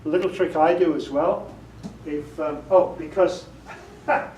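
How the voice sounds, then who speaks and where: A British man with a fairly high, darkish voice gives an informal workshop talk as an audiobook director, speaking unhurriedly. He's chatty and jokes with the small audience he quizzes in a meeting room. The echoey recording has him far from the mic with faint noise.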